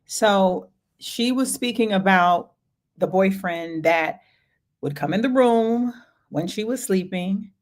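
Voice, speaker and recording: A woman hosting a talk show, speaking earnestly and deliberately with trailing pauses. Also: mid-range voice. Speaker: podcast host.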